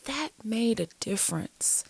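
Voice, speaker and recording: Black woman poet talking on a chat show, uplifting and sing-song, pitch all over, bit of fry. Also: a little slow. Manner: animated, uplifting, preacher-like cadence. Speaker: guest, spoken word poet. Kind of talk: casual interview talk.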